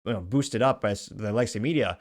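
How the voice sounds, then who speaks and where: A man's voice: fairly low pitch, fast. A man hosting an online show, reading out viewer comments and adding wry, offhand remarks between them. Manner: wry, offhand asides with chuckles. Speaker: show host.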